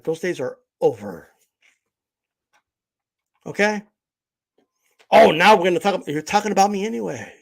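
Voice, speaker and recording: Brief: high-voiced man, livestream host, blunt and confrontational rant. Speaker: boxing channel host.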